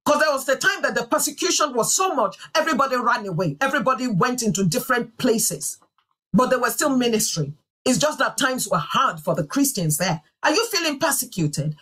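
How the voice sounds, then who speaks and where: Emphatic preaching woman, higher voice. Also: animated, breathy edge. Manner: emphatic preaching with repeated phrases; swings between loud exhortation and low, slow intensity. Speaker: pastor. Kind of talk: sermon.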